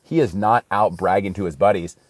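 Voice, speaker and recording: A man's voice: deep voice, brisk, dry recording. A man talking in a rambling, slangy casual monologue in a studio, saying bro a lot.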